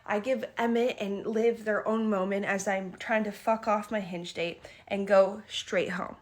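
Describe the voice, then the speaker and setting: Young woman narrator, husky mid-range voice, dramatic and profane storytime. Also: mid-range voice, unhurried, hardly any pauses. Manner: dramatic, swears often, lots of "okay?".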